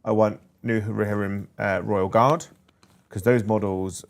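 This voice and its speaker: A man's voice: lowish voice, steady tone, measured pace, creaky. A man co-hosting a casual podcast chat, enthusiastic and nostalgic as he tells stories. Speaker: co-host.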